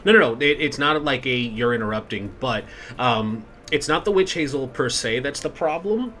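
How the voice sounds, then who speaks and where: A woman's voice: very deep voice, expressive, normal speed, fairly bright tone. A sleep-deprived woman chatting casually as a tabletop game player, telling a rambling story. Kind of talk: casual chat.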